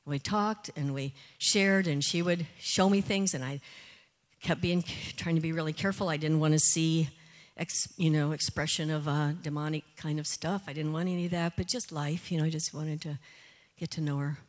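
A woman's voice: low voice, steady tone, moderate pace. An older woman giving a missionary testimony and prayer in an earnest, conversational way, with frequent "you know" asides. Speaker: missionary speaker. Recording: long hall reverb.

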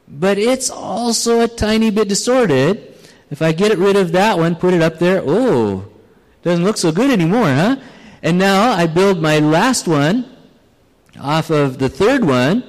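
Guy preaching a sermon, asks the crowd stuff, high voice, long hall echo. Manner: animated, questioning the audience. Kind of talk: sermon with demonstrations. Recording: long reverb of a large hall.

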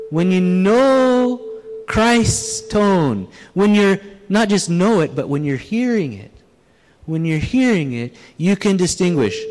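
Guy preaching a sermon, asks the crowd stuff, high voice, long hall echo. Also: background noise. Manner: animated, questioning the audience. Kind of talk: sermon with demonstrations. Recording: long reverb of a large hall.

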